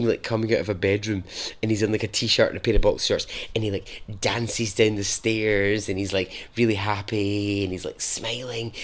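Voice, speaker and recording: A man hosting a podcast, telling a story casually with frequent laughter and chatty asides. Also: on the low side. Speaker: podcast host.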